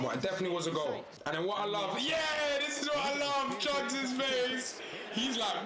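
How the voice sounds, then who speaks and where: A young man giving casual, excitable reaction commentary full of slang. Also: high-pitched, fairly quick, reverberant, heavy background noise. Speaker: YouTuber reacting to match footage.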